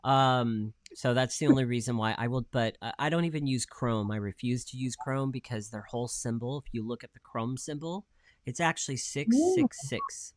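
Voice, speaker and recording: A man's voice: mid-range voice, expressive, normal speed, no room sound, studio quality. A man co-hosting a casual livestream talk show. He speaks in an emphatic, opinionated way over a video call. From United States. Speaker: co-host.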